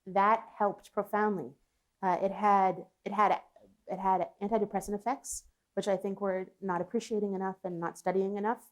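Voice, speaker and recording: Speaking at a moderate pace with a steady tone and medium pitch, a psychologist being interviewed shares a personal story. She is earnest and reflective, frequently restarting sentences and laughing.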